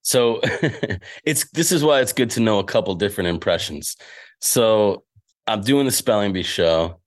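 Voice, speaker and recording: A man who is a podcast guest telling a story in casual chat, animated and laughing often. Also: on the low side, measured pace. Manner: animated, laughing, slips into impressions.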